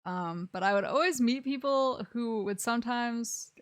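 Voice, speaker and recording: A woman's voice: a little high, a little slow, dry recording, studio quality. A young woman from Alabama with a Southern accent, chatting casually on a game stream, rambling and laughing often. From Alabama, USA. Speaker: streamer host.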